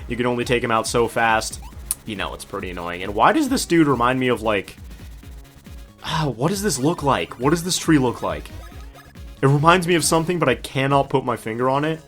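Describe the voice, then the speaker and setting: A man's voice: mid-range voice, big pitch swings, a little fast, fairly bright tone, faint music behind. A man casually commenting on a video game as he plays, chatty and joking. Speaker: let's play host. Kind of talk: gameplay commentary.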